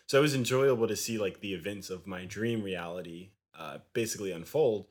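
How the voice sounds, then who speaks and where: A young man in casual chat who teases and cuts in with quick, wry remarks. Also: fairly low pitch. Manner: teasing, quick wry interjections.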